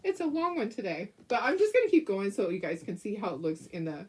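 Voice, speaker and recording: A woman's voice: mid-range voice, big pitch swings, fast, slight background noise. A middle-aged woman hosting a casual craft tutorial at home, chatty and giggly, often restarting her sentences. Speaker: craft host.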